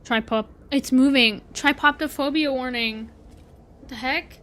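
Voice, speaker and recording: A Canadian woman streamer with a high, lively voice chats through a game livestream at a measured pace. Bright and forward, she drifts from thought to thought while answering viewers out loud, keeping things loose and casual.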